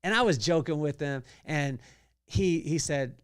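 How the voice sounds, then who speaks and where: A man's voice: medium pitch, fairly even intonation, normal speed, smooth, dry recording, studio quality. A man hosting a solo podcast, telling a story with energy and acting out the quotes in other voices. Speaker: podcast host.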